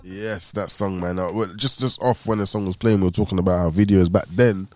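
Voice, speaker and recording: A man co-hosting a podcast, talking in an easygoing, relaxed way as he reminisces. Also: low-pitched, fairly quick, dry recording, soft background music. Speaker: podcast co-host. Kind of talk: casual chat.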